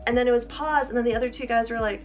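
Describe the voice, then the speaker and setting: A woman telling a lively story as a guest in a casual chat, acting out quotes with laughs. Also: fairly high pitch, rapid-fire, lo-fi sound, faint music behind. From half American, half German. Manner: animated, acts out quotes, laughs often. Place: at home.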